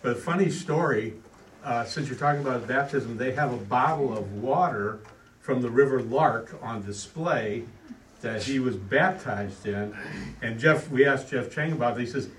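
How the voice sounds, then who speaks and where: A man hosting a podcast who chats in a relaxed, halting way. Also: medium pitch. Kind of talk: casual chat. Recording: distant mic in echoey room with loud noise.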